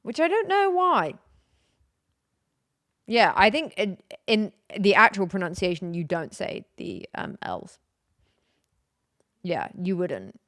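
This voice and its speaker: A woman's voice: mid-range voice, big pitch swings, takes it slowly, pauses often, a bit bright, no echo, studio quality. A young woman chatting casually on a live stream, rambling and giggly.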